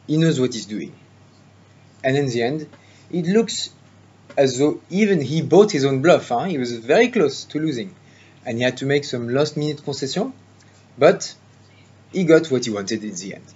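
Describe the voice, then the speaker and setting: A man's voice: mid-range voice, a little mellow, muffled recording, a little hiss or hum, close to an everyday voice. A man voicing a smug, chauvinist Frenchman giving a speech, with a French accent and a pompous, mocking manner. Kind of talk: mock speech for interpreting practice.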